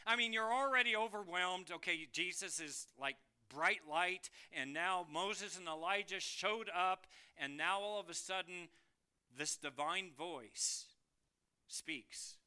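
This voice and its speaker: A man preaching a sermon, lively and questioning, reading scripture aloud and asking the congregation questions. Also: high voice, takes it slowly, clean tone. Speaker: pastor.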